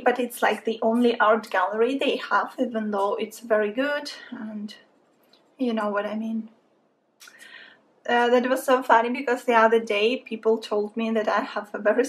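A woman from Saint Petersburg with a Russian accent, chatting in a friendly way as she narrates a drawing tutorial. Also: fairly high pitch. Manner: chatty, friendly, thinking aloud while drawing. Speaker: art instructor.

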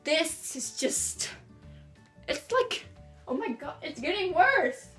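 A woman's voice: extremely high pitch, sing-song, slow pace, fairly bright tone, faint music behind. A teenage girl chatting to camera in her bedroom, rambling and bubbly. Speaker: vlogger. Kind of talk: casual chat to camera. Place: bedroom at home.

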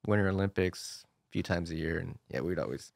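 Laid-back deep-voiced man telling stories. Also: a little fast, creaky, no echo, clean studio sound. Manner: laid-back, swears casually, trails off with "you know". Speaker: podcast guest, former racer. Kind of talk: casual storytelling chat.

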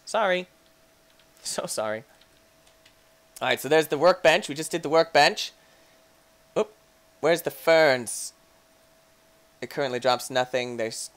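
Male gameplay mod reviewer, excitable let's-play energy, playful outbursts, very animated bright delivery. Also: mid-range voice. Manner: playful, talks to game objects, sudden jokey shouts.

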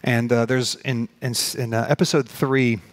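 Male pastor, mid pitch, earnest sermon delivery with emphatic swells and slow quiet pauses; dry close recording. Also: fairly even intonation, no room sound. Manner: earnest, building to emphatic peaks then slowing to soft pauses.

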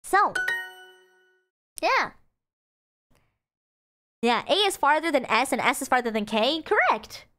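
A woman's voice: high voice, big pitch swings, takes it slowly, pauses often, bright, forceful tone. A young woman explaining Japanese phrases in a casual livestream lesson. She is chatty, giggles often and fills her talk with "um" and "like.". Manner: chatty and giggly, frequent fillers. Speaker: streamer teaching Japanese.

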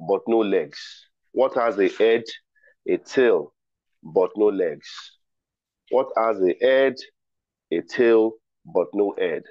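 A man's voice: lowish voice, darkish tone, dry recording. A man hosting a virtual ceremony, running a riddle quiz in a playful, teasing way and reading out chat replies. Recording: dry, dull lo-fi call audio.

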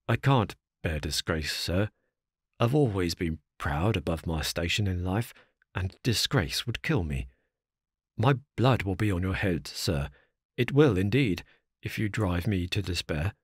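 A man voicing a desperate male butler who pleads hoarsely not to be dismissed, in an audiobook story. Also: lively intonation, measured pace, no echo, clean studio sound, heavily acted. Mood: pleading. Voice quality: hoarse, low voice. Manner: pleading, despairing.

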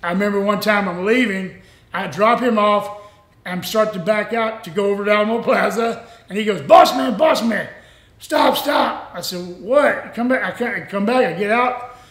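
An older man, a former wrestler telling stories in a rambling, animated way and laughing often. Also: high-pitched, normal speed, reverberant, slight background noise. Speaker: former pro wrestler, interview guest. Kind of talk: casual storytelling interview.

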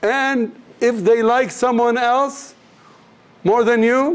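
A man's voice: very high voice, steady tone, takes it slowly, smooth. A man teaching a class, speaking earnestly and directly to his students, telling stories and acting out the people in them. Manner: storytelling, acts out voices in anecdotes. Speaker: missions teacher.

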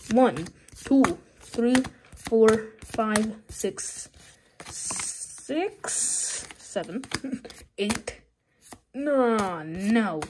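A woman chatting casually as she opens trading card packs, excitable and pleading with the cards. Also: mid-range voice. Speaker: card-opening vlogger. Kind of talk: casual pack-opening commentary. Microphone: phone. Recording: loud wrapper crinkling and tearing noise. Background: crinkling, tearing foil packs.

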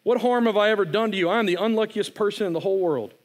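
Scared, self-pitying young boy in a storybook reading, voiced by a man, pitched up high and breathless. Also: racing, natural voice. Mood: pleading.

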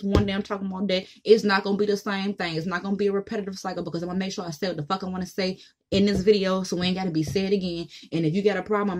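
A woman's voice: medium pitch, a little hiss or hum. A woman vlogger giving a blunt, profane monologue to camera, mocking the people she talks about.

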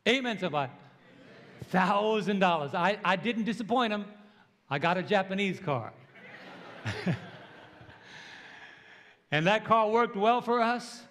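High-voiced man in his sixties preaching. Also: a little slow, pauses often, slight background noise. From New York. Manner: animated storytelling with call-and-response. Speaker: pastor. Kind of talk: preached sermon. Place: church sanctuary. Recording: long church hall reverb.

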